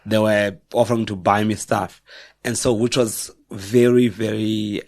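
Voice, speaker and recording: A middle-aged man with a South African accent speaks in a fairly low voice, telling personal stories as a podcast guest. He talks reflectively and haltingly, often correcting himself mid-sentence. The sound is dry and close, with little room reflection. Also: little pitch movement, darkish tone, dry recording. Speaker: guest author. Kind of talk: personal storytelling in a podcast interview.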